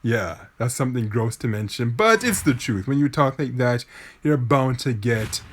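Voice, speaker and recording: A man's voice: medium pitch, expressive, moderate pace, husky. A man rambling through a mobile racing game commentary, jokey and prone to wild laughs, talking into the phone he plays on. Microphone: phone mic, device the game is played on. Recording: loud racing game engine noise behind.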